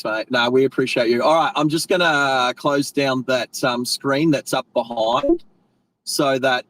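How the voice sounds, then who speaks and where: An Australian man with a medium-pitched, fairly bright voice hosts a casual live stream from his car. Chatty and rambling, he drops in friendly slang and corrects himself mid-sentence, all captured in poor audio.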